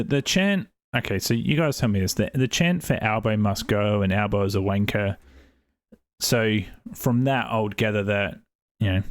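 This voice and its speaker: A man hosting a political reaction video, talking casually and hesitantly with many pauses as he thinks aloud. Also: lowish voice, no echo, studio quality. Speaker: political commentary host.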